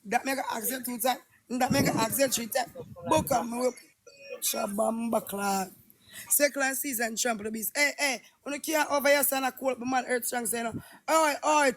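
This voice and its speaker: A woman with a Jamaican accent hosting a live stream in casual chat, loud and exclamatory, repeating herself. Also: a little high, steady tone, moderate pace.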